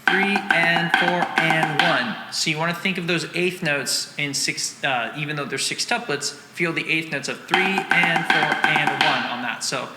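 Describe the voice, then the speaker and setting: A fairly high-voiced man talks through a snare drum lesson, counting beats and scatting rhythms as he explains. The sound is roomy with a long echo, and loud drum music plays behind him. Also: normal speed, few pauses. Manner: counts and sings rhythms aloud in syllables; relaxed explaining with fillers. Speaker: drum teacher. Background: drum line music.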